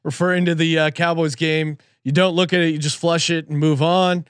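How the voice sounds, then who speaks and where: A man's voice: a little high, level tone, fairly quick, smooth, no echo, studio quality. A man co-hosting a casual sports betting chat, joking and laughing easily. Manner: laughs easily, jokey, rambling. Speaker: sports betting show co-host.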